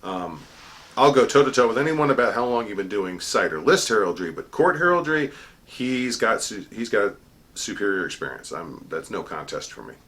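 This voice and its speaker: A man's voice: sing-song, moderate pace, fairly bright tone. A middle-aged man, a court herald, chatting casually about an event, with fillers and restarts. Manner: booming formal proclamation when quoting court cries. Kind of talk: casual storytelling monologue.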